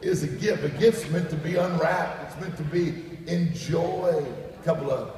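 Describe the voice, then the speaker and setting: A man's voice: on the high side, moderate pace. A man delivers a light, humorous sermon, throwing questions out to the congregation. His voice comes from a distance and rings through a roomy church hall. The crowd can be heard behind him. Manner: joking, asks the crowd questions. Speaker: guest preacher. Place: church sanctuary.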